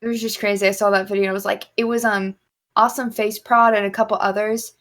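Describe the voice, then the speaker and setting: A woman's voice: mid-range voice, little pitch movement, quick pace, fairly bright tone. A woman co-hosting a casual gaming stream, chatting with enthusiasm. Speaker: podcast co-host.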